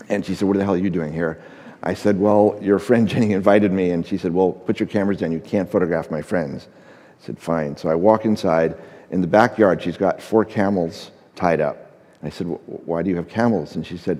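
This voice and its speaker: A middle-aged man with a fairly low voice tells a story on a conference stage, acting out each line of dialogue between fillers. His tone is mellow and relaxed. The sound carries the long reverb of a big hall. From United States. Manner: anecdotal, acts out dialogue, frequent fillers. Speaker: conference speaker, photographer. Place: large conference stage before an audience.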